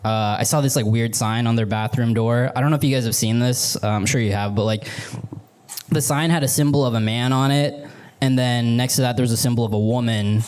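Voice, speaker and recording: A young stand-up comedian from Vancouver, Canada rambles sheepishly through a set on a comedy theater stage, leaning heavily on "like" and "you know." His medium-pitched voice is fairly quick, a little mellow and clean, with audience laughter from the live club.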